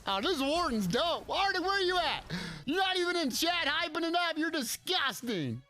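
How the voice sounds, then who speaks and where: A young man streaming a player-versus-player online game, chatting with viewers and shouting excitedly during fights. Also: very high-pitched, moderate pace, faint music behind. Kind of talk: live gameplay commentary.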